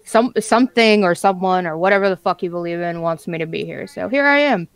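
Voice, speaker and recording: Blunt, swearing woman, smooth clear voice, mouth full of dip. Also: fairly low pitch, fairly quick, dry recording. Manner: blunt, profane, a bit mumbled. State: talking with tobacco dip in her lip. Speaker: guest on a stream. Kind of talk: casual stream chat.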